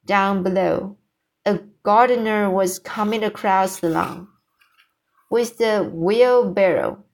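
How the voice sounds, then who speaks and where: A woman reading a children's book aloud at a very slow, careful pace. Her medium voice sometimes stumbles over a word before she goes on. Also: medium pitch. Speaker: storybook reader.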